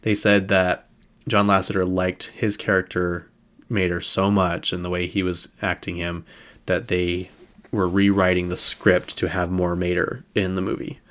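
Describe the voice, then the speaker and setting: A man's voice: low-pitched, little pitch movement, unhurried, a bit bright. A man hosting a podcast, chatting casually about celebrity news in a rambling way with lots of fillers. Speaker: podcast host.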